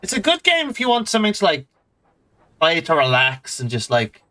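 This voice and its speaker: A man streaming a relaxed game, chatting in a rambling, playful, self-mocking way. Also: a little high, a little fast, poor audio. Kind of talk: casual gameplay commentary.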